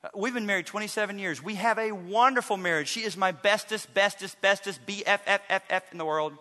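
Middle-aged male pastor, bright high voice, emphatic sermon, reverb of a large church. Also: fairly quick. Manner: animated, swings from loud emphatic to hushed and intense.

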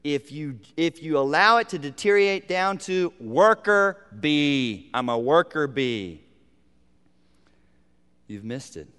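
A male pastor preaches with a high, smooth and resonant voice. His delivery swings between loud, emphatic phrases and soft, near-whispered words. The sound carries the long reverb of a large hall. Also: lively intonation, slow. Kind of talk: sermon.

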